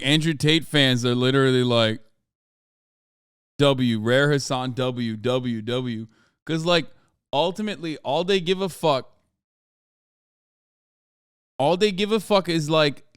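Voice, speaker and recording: A man in his thirties reacting on a livestream, his voice pitched a little high and very clean, with a smooth, resonant tone. He talks casually, swears constantly, and works himself into exasperated rants. The sound is dry and close to the mic. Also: moderate pace, fairly bright tone, no room sound. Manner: profane, ranting, exasperated. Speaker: streamer.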